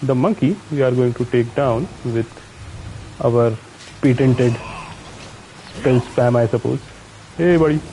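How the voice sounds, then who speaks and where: A man's voice: mid-range voice, a little slow, pauses often, dark tone, a little hiss or hum, low-quality recording. A man from India with an Indian accent, giving casual commentary on his own gameplay, muttering to himself and chatting with viewers. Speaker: streamer.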